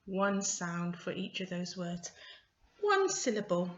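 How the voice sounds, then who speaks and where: A woman's voice: fairly low pitch, sing-song, takes it slowly, roomy sound, dull audio. A woman tutor giving an English lesson, patient and stressing each word.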